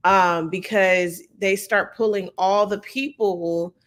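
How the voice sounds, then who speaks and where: Taking it slowly in a medium-pitched voice, a young woman recaps a reality show live in casual conversation. She's lively and talkative, performing the quotes herself.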